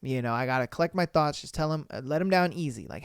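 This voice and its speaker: A man's voice: a little high, lively intonation, fast, smooth, dry recording, studio quality. A man hosting a podcast, recapping a drama in a rambling, slangy, casual way. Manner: rambling, full of fillers and slang. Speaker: podcast host.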